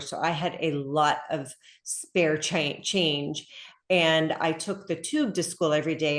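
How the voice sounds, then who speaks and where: A middle-aged woman author, chatting in an interview over a video call, animated and full of fillers. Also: sits low. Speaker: author guest. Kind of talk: casual interview chat. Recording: echoey room.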